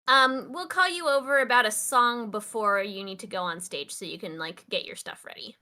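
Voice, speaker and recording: A woman's voice: medium pitch, normal speed, sharp tone. A woman narrating a tabletop game as game master, casual, with many fillers.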